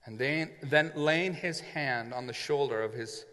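A man's voice: medium pitch, unhurried, fairly bright tone. A male pastor preaching a sermon, retelling a story vividly and acting out the characters. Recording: long reverb in a large hall.

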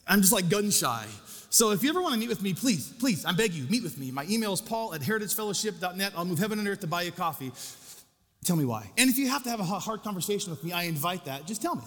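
A man's voice: sits high, lively intonation, fast talker, a bit bright, big-room sound. A male pastor preaching a sermon, conversational and self-deprecating, with casual asides to the congregation.

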